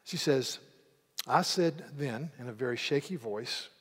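A man preaching a sermon in an earnest, emphatic way, often repeating words as he builds to loud passages. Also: medium pitch, unhurried, husky. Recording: long hall reverb.

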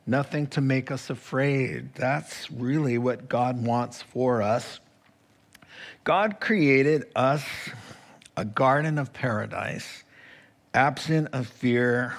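A man preaching a sermon as pastor, leading prayer and telling a story in an earnest, measured way. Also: mid-range voice.

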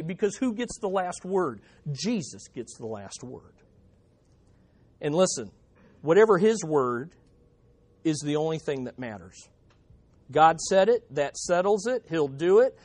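A man preaching a sermon, stressing points by repeating them. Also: high-pitched. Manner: emphatic, repeating key phrases. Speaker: pastor.

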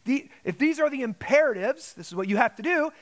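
A man's voice: extremely high pitch, animated, fairly quick. A man preaching a Sunday sermon as pastor, with dramatic emphasis and quoted asides.

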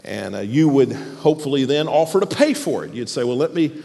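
A man's voice: medium pitch, big pitch swings, fairly quick, gravelly, mellow. A man, a pastor, preaching a sermon with emphasis, often repeating words as he presses a point. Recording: long hall reverb.

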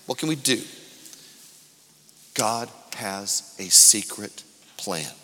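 A pastor with a rather low voice preaches slowly and animatedly to his congregation in a church sanctuary, calling out questions and drawing answers from them. He rises from quiet reflection to loud calls to the room, and the recording carries long church hall reverb.

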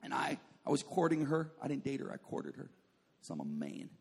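A man's voice: mid-range voice, sing-song, brisk, creaky, slightly rough. A man preaching a sermon as a pastor, joking and telling stories, often saying "like" and calling on the congregation to respond. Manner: joking, storytelling with asides to the congregation; says "like" often and calls for responses.

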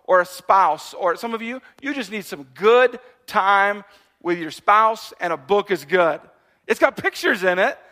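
Male pastor, high bright voice, lively joking sermon delivery. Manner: animated, conversational preaching with playful asides.

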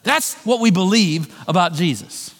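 A male pastor delivering a sermon, swinging between loud emphatic lines and quiet drawn-out phrases. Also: expressive, in a large hall. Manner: preaching with wide swings of pitch and volume, slowing for emphasis.

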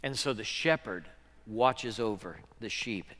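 A man preaching a sermon as pastor, earnest, moving between hushed passages and loud, swelling ones. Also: fairly low pitch, measured pace, big-room sound.

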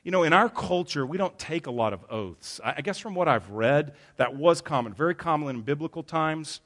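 A man's voice: on the high side, lively intonation, fairly quick, fairly bright tone. A man preaching a sermon as pastor, earnest and emphatic, often stopping to correct himself.

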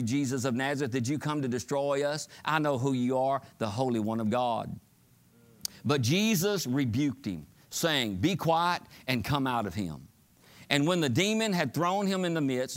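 A man preaching a fervent sermon, asking the congregation for call-and-response amens. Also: medium pitch. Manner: fervent, shouting climaxes, call-and-response asides.

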